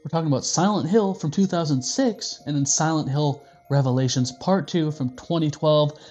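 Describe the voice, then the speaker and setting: A man's voice: a little high, moderate pace, dull audio, faint music behind. A man hosting a casual movie review, joking and swearing freely. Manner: profane, joking, animated.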